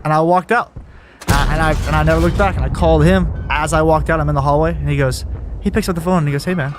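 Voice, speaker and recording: Brief: young man, quick storyteller, slightly high voice, casual and profane. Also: steady tone, background noise. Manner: storytelling, swears freely. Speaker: guest telling his story. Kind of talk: casual podcast chat.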